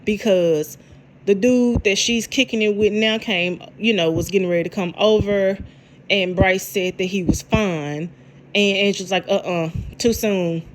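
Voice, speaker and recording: Woman, thirties, casual show recap vlogger; animated, repetitive retelling, acts out quotes, mid-pitched voice. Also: normal speed, a little hiss or hum. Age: 30s. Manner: animated storyteller, repeats herself, acts out quotes.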